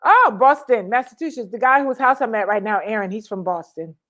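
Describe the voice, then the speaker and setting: A woman co-hosting a casual livestream chat, lively and chatty, calling out viewers by name. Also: a little high, fairly quick. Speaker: co-host.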